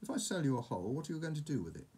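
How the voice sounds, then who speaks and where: A man's voice: medium pitch, big pitch swings, rapid-fire, darkish tone, a little hiss or hum, natural voice. A man voicing a clever, modest male worm in a storybook, speaking patiently and matter-of-factly. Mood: knowing.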